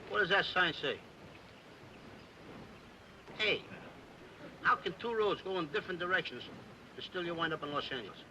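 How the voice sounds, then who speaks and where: A man playing an excitable, childlike bumbler in a 1950s TV comedy, whiny and flustered, with a noisy old soundtrack. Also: high voice, moderate pace, pauses often. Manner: whiny, flustered, breaks into bird calls. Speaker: comedian in a sitcom.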